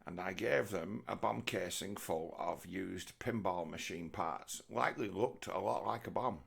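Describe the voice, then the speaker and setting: A middle-aged man's low voice, gravelly and a little husky. He rambles through a sweary comic monologue in a loose, meandering way. Now and then he slips into mocking impressions. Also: unhurried, fairly bright tone. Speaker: comedian. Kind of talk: rambling stand-up style monologue.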